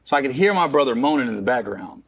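With slight background noise behind him, a middle-aged Cincinnati comedian speaks quickly and expressively in a mid-range voice. As a guest, he candidly tells a personal story, rambling with restarts and self-mocking asides.

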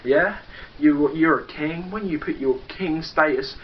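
A man's voice: a little high, a little slow. A young English man cutting a boastful, profane wrestling promo and taunting a rival. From England. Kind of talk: trash-talking wrestling promo. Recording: dull lo-fi home video with faint noise.

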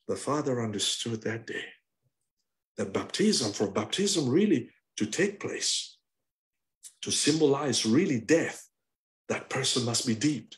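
A man, a pastor, preaching an animated sermon with call-and-response over a video call. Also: medium pitch, a little slow.

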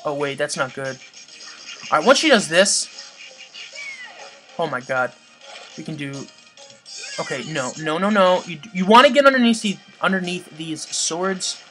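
Swearing let's play gamer, bright sharp voice, faint music under it. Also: medium pitch, expressive, unhurried, long pauses. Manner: swears a lot, yells at the boss. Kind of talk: casual game commentary.

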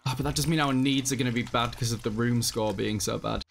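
A man's voice: medium pitch, fairly even intonation, quick pace, gravelly, a little hiss or hum. A man giving casual, self-mocking commentary over a video game, with a non-American English accent. He swears freely and laughs often. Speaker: let's play host.

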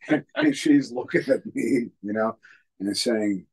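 A middle-aged man co-hosting a casual chat show, telling a story haltingly with many fillers and chuckles. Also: fairly low pitch, a little mellow, slightly rough, poor audio. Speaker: podcast co-host.

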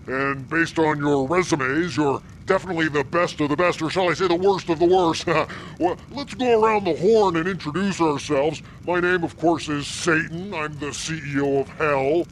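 Actor playing satan as a tired office boss, deadpan, slightly high voice. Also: male voice, slight background noise, lightly acted. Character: Satan, exasperated boss of Hell, male.

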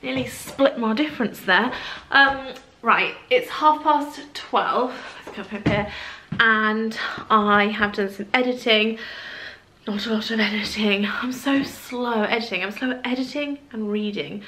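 A woman's voice: a little high, measured pace, pushed and bright, rough recording. A woman chatting casually in her vlog, rambling and poking fun at herself. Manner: chatty, rambling, self-deprecating. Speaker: vlogger.

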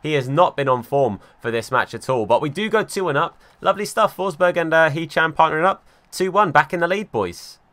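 A young man giving live commentary over his football video game, swinging from calm play-by-play to exasperated outbursts. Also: on the high side, a little fast, few pauses. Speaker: gaming YouTuber.

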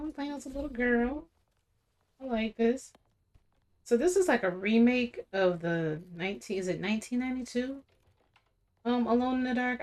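A woman streamer giving casual, chatty commentary while playing a video game. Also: fairly high pitch. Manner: chatty, talks to viewers. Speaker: gaming streamer.

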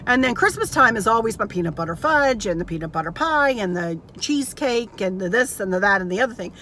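A woman's voice: medium pitch, pushed and bright. A woman telling a family story to her viewers in a casual chat, acting out what people said. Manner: chatty, storytelling, acts out quotes. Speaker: craft channel vlogger. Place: inside a car. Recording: noisy car interior. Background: car and road noise.

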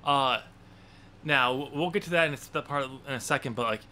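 Bright, energetic male podcast co-host. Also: mid-range voice, brisk, a little hiss or hum. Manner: rambling, lots of fillers and restarts. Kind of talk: casual wrestling chat.

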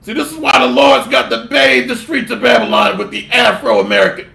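A man delivers a fierce, scolding sermon in a strikingly high, gravelly voice. His tone is sharp and bright as he rebukes his listeners and mocks them in put-on voices. The recording sounds like an echoey room. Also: steady tone, brisk. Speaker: preacher.

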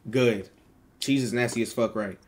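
A man's voice: mid-range voice, fairly even intonation, normal speed. A man streaming on a video chat app, chatting in a joking, slangy, profane way. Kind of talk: casual chat.

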